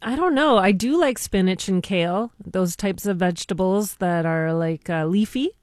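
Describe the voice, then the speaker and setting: A woman's voice: mid-range voice, moderate pace, a little mellow, dry recording, studio quality. A woman in her forties chatting casually as a radio co-host, friendly and talkative with some hesitations. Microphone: studio microphone.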